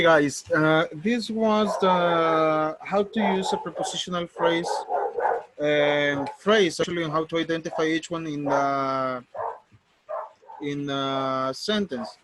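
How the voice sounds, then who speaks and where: A man's voice: a little high, fairly even intonation, slow pace, long pauses. A male teacher wrapping up a class, giving pupils casual, friendly instructions. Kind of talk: online class sign-off. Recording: noisy class recording.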